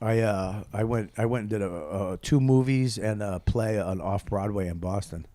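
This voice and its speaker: A man, a comedian, telling stories in a casual, animated and profane way with frequent laughter. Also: lowish voice, normal speed, dry recording. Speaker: comedian guest. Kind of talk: casual storytelling.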